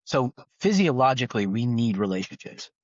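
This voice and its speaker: A man's voice: medium pitch, big pitch swings, brisk, dry recording. Guy from the east bay, tech founder, rambles and restarts a lot, kinda muffled and dry. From East Bay, California. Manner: rambling, frequent restarts and "right?" tags. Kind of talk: casual podcast conversation.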